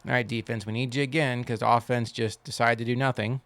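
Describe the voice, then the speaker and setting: Gravelly man commenting on his own gameplay. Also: medium pitch, steady tone, brisk, no room sound. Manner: wry, complains about the game then cheers loudly. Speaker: gaming channel host. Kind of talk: casual video game commentary.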